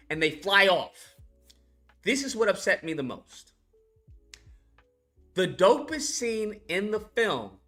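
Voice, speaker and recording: A man reviewing a film in a casual rant, animated and profane, laughing as he recaps scenes. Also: sits high.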